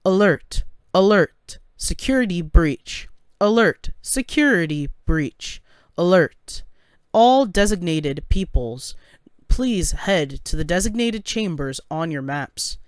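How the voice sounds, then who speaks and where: A blaring automated alarm announcer, as a man puts it on, raised in pitch and pushed loud. It barks short warnings over and over. The sound is dry and close. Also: animated, slow pace, clear, resonant tone, no echo. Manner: loud repeated alarm calls. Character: urgent male alarm announcement system.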